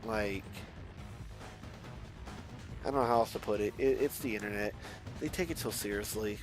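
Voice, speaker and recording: A young man from a Mexican family talks at a moderate pace in a voice on the low side, with faint music behind him. He's streaming a driving game and rambling casually, cursing often and restarting what he says.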